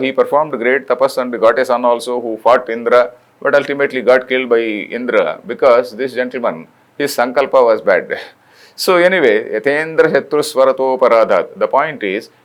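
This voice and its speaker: Older man explaining scripture. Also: medium pitch. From India. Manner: explanatory, chants Sanskrit verses, frequent fillers and restarts. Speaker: spiritual lecturer. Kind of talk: lecture on scripture.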